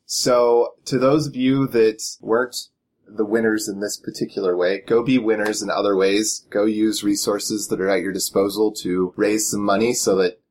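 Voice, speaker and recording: Low-pitched male host, relaxed and chuckling, casual panel chat. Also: normal speed, slight background noise. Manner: relaxed, chuckling, loose phrasing. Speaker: podcast host.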